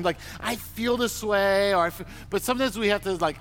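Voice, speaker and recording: Male pastor, slightly higher voice, casual preaching style with call-and-response, long hall reverb. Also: fairly quick, few pauses, sharp tone, a little hiss or hum. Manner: conversational, repeats words, asks the crowd to respond. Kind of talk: sermon.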